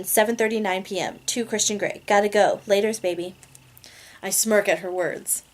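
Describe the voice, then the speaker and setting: A woman reading a romance novel aloud in a casual amateur way, laughing at her own slips. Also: medium pitch. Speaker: reader.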